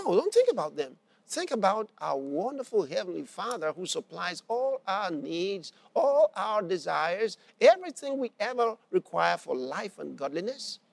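A man's voice: high voice, creaky, no room sound. A man preaching a sermon and telling a story, repeating his phrases for emphasis.

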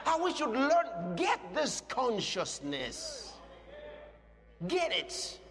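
A man preaching a sermon in a high, animated voice that swoops up and down. He lingers on every phrase, building to emphatic shouts. The sound carries a long hall reverb with soft music underneath. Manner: emphatic, rising to shouts, slow drawn-out phrases.

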